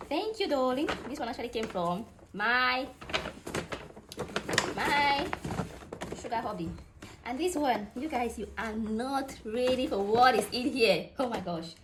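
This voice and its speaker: A woman hosting an unboxing vlog, talking in excitable, gushing exclamations. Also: fairly high pitch, a little slow, slight background noise. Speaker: vlogger.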